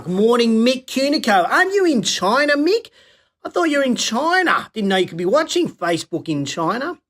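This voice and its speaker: A man's voice: sits high, a bit bright. A middle-aged Australian man hosting a live-streamed business show, chatty and coach-like, greeting viewers by name with folksy slang.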